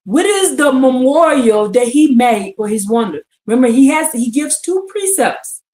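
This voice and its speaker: A woman teaching scripture on a live stream, reading verses aloud and firing questions at her listeners with excitement. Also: high-pitched, moderate pace. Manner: animated and exclamatory, reads verses then asks the audience questions. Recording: echoey room.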